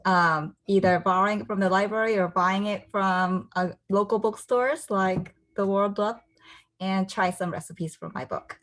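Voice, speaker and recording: A woman in her forties from South Korea, whose first language is Korean, reading aloud from her graphic memoir with casual asides and giving the characters higher voices. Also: fairly even intonation, normal speed, a bit bright. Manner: voices the characters with a raised pitch.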